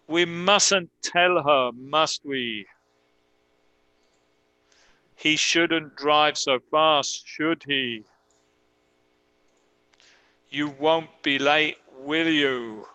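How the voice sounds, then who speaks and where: A man teaching an online English grammar lesson, reading example sentences deliberately and correcting himself aloud as he goes. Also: a little high, sharp tone, clean tone, no echo, low-quality recording.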